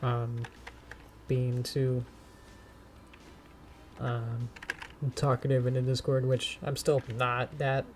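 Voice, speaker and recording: Uomo streamer che chiacchiera mentre anima: parlato esitante, pieno di intercalari, canticchia piano; leggero rumore di fondo e tastiera. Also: male voice, mid-range voice, monotone, slow, pauses often, background noise. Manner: rambling, hesitant, many fillers and soft humming. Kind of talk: casual live-stream chat.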